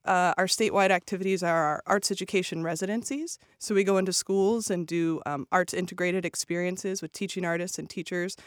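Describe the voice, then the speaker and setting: A woman's voice: lowish voice, no echo, clean studio sound. A woman who directs an arts nonprofit, answering as a radio interview guest with frequent ums and restarts. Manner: hesitant, many ums and restarts. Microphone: studio microphone.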